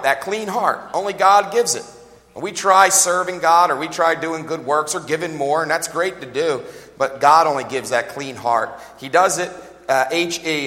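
Forty-something guy preaching, pitched a bit high, laughs a lot, church reverb. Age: 40s. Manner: lively, joking, laughs often, calls out "amen?". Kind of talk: revival sermon.

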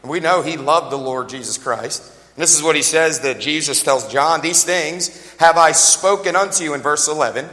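A man in his forties preaching a revival sermon, lively and joking, often laughing and calling out to the congregation. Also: a little high, normal speed, in a large hall. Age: 40s.

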